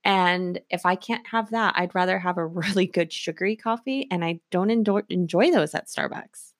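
A woman's voice: fairly low pitch, moderate pace. A woman co-hosting a podcast, chatting casually and laughing often. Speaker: podcast co-host. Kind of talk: casual chat.

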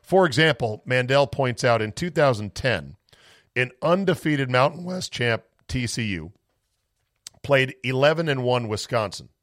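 A man's voice: medium pitch, animated, measured pace, fairly bright tone, no echo. Rambling male sports podcast host. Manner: rambling storyteller, acts out family voices. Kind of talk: casual podcast monologue. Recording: dry close-mic home office.

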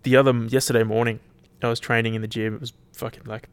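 This tired, yawning Australian podcast host talks fast in a flat, medium-pitched voice with a clean tone. Alone on his show, he rambles casually and swears a lot. The sound is dry.

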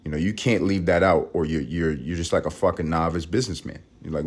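A man from Harlem with a vocal-fry voice, rambling casually and profanely in a room at home early in the morning. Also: quick pace. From Harlem, New York. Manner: rambling, profane, low-key. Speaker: podcast host.

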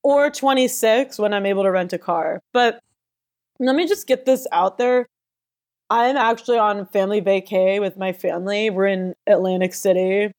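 A woman's voice: mid-range voice, moderate pace, a little mellow, lightly acted. A woman playing an eager, awkward sixteen-year-old girl hosting a comedy talk podcast. She giggles, rambles and gets flustered, without a proper microphone. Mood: giggly. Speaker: host.

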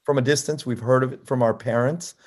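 A man's voice: mid-range voice, fairly even intonation, brisk. Inquisitive man hosting an interview. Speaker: podcast host. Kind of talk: casual interview.

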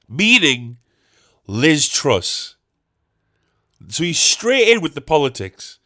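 A man's voice: fairly high pitch, big pitch swings, slow pace, pushed and bright. A young man telling a comic anecdote in loose, rambling fashion. He swears freely and pokes fun at himself as he goes. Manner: rambling, swears a lot, self-mocking.

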